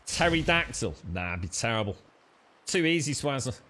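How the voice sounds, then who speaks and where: A man's voice: mid-range voice, big pitch swings, moderate pace, bright, forceful tone, slight background noise. A man streaming a game, joking and swearing as he talks to his pet creature. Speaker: gaming streamer. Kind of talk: live game commentary. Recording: game music clearly heard behind. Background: game music.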